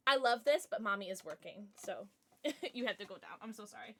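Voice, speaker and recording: A young woman streamer chatting casually and excitedly to her viewers, now and then cooing at her dog in baby talk. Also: a little high, normal speed, slight background noise. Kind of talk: casual livestream chat.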